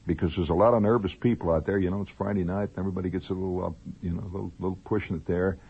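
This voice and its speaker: A man's voice: sits low, steady tone, very fast. A man with a Midwestern accent hosting a late-night radio monologue, rambling through stories with asides and chuckles. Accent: Midwestern American. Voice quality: husky. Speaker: radio host. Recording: tinny old radio broadcast, faint music.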